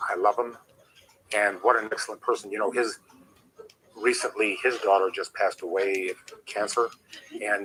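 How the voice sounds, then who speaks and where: Bright-voiced man telling rambling stories. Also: on the low side, slightly rough, rough recording. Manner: rambling, animated anecdotes with restarts. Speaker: interview guest, former wrestler. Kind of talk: casual storytelling.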